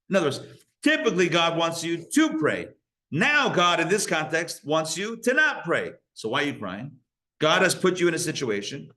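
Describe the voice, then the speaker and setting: Speaking at a moderate pace in a voice on the high side, a rabbi shares a story in a live Torah class. He's animated and conversational, frequently restarting sentences and drawing on Yiddish and Hebrew religious terms.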